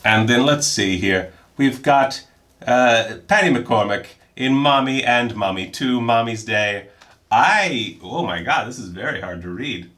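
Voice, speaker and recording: A man chatting casually while he unboxes films, excitable and jokey, often bursting into high-pitched exclamations. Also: unhurried. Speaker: film vlogger.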